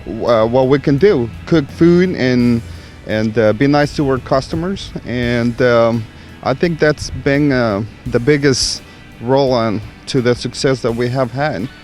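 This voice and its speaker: A restaurant owner speaking haltingly in a casual outdoor interview. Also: male voice, mid-range voice, a little mellow, faint music behind. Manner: halting, many fillers.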